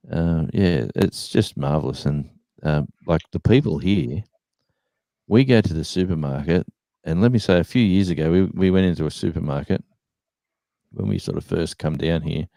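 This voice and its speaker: A man's voice: low-pitched, mellow, dry recording. A man with an Australian accent telling rambling stories in a casual live-stream chat, with plenty of fillers. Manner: rambling storyteller, many fillers.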